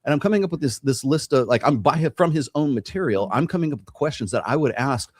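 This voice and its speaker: A man's voice: medium pitch, animated, quick pace, breathy edge, no echo, clean studio sound. A man hosting a casual podcast discussion, explaining his views emphatically and repeating phrases for emphasis. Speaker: podcast host.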